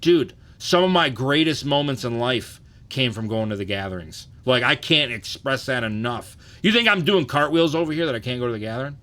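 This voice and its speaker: A man's voice: mid-range voice, animated, a little fast, few pauses, bright, forceful tone. A man in his thirties hosting a casual livestream, loose and profane, often asking "you know what I'm saying". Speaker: livestream host.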